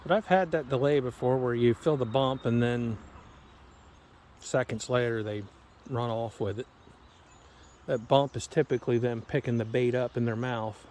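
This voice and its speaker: Strolling by the river with a handheld camera, this man has a medium-pitched, slightly mellow voice with fairly even intonation and normal speed. His fishing vlog talk is casual, homespun, and joking, and there's a bit of hiss or hum in the audio.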